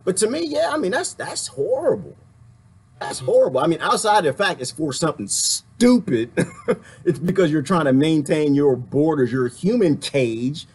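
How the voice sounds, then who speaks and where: A man ranting casually to his viewers, animated and often laughing, with a husky voice. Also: fairly high pitch, moderate pace. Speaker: vlogger. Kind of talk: casual rant to camera.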